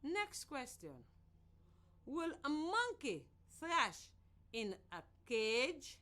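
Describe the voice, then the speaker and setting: A woman from Sierra Leone teaching a children's reading lesson on the radio in a slow, clear, sing-song voice. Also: high voice, very animated, sharp tone.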